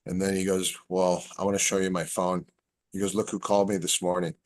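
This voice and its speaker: A man's voice: low-pitched, a little fast. A man in casual podcast chat, telling stories and acting out the dialogue. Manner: relaxed storyteller, acts out quoted dialogue. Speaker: podcast guest.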